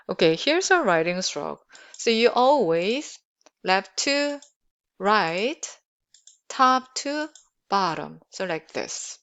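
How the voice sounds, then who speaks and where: A woman's voice: mid-range voice, big pitch swings, slow pace, a bit bright, clear, resonant tone. A woman teaching pronunciation, patiently repeating syllables for practice. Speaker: Korean language teacher. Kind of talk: pronunciation lesson.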